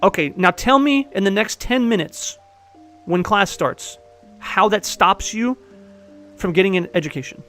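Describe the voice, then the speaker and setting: A man's voice: sits high, a little slow, a bit bright, faint music behind. A man giving casual life-coaching advice, blunt and profane, pressing his listener with direct questions. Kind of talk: casual one-on-one advice talk.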